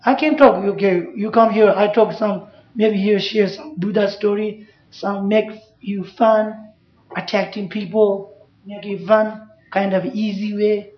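A Buddhist Dharma teacher speaks to a classroom in simple, broken English with a steady tone, often checking understanding with "you know" and "yeah?". The mid-pitched voice sounds dull and muffled, echoing in a roomy space.

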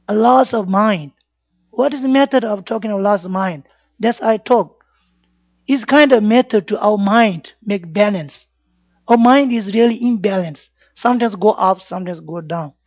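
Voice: medium pitch, no room sound. A Buddhist teacher giving an informal class talk in simple broken English, often checking in with "yeah?" and "you know". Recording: dull lo-fi recording, dry sound.

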